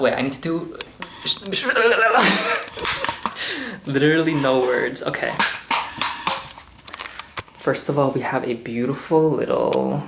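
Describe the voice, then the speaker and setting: A man talks casually for his vlog as a painter, musing and loose, leaning on "like" and "you know." His voice sits at a middling pitch. The room around him rings with echo, and faint noise runs underneath. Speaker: vlogger and painter. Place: indoors in a townhouse at an artist residency.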